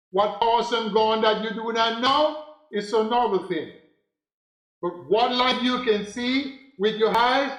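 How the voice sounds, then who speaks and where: A man giving a slow, preachy spiritual monologue, repeating phrases for emphasis. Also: high-pitched, roomy sound, rough recording. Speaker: spiritual teacher.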